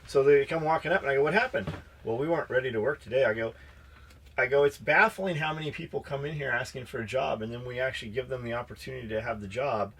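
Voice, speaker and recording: A man's voice: medium pitch, quick pace, fairly bright tone, slightly rough. A man co-hosting a podcast who bluntly tells a workplace story, swearing often and acting out the dialogue. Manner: blunt, profane, acts out dialogue. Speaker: podcast co-host. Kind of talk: casual storytelling chat.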